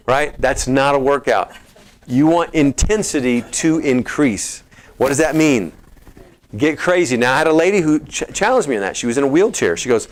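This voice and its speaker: A man with a Texan accent giving a lively health seminar to a live audience, joking and coaching the crowd through an exercise. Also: medium pitch, normal speed. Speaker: chiropractor giving a health talk.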